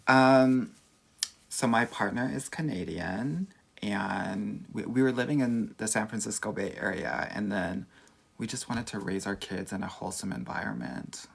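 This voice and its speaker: A man's voice: on the low side, vocal fry, breathy edge. A man with a Southern California Valley accent, a dating coach chatting casually on a livestream, sassy and campy, calling everyone girl. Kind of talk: casual livestream chat reading comments.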